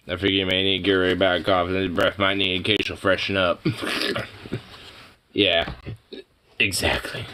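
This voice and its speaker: A man's voice: low voice, pushed and bright, a little hiss or hum. A young man vlogging casually, talking to his dog in cooing baby talk and swearing offhandedly.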